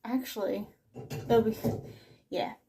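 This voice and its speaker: A young woman chats in a casual, scatterbrained ramble, cutting herself off and circling back, slightly out of breath from moving around. Her voice sits somewhat high. The home kitchen recording carries steady noise and clicking sounds. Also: slow pace. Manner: rambling, self-interrupting, scatterbrained. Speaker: vlogger. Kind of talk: casual chat while doing chores.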